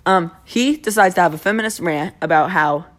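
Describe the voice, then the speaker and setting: A young woman chatting casually with friends, her voice sitting a little low. She rambles through her stories with a sarcastic edge and keeps breaking into giggles. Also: fairly quick, fairly bright tone. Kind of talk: casual chat among friends.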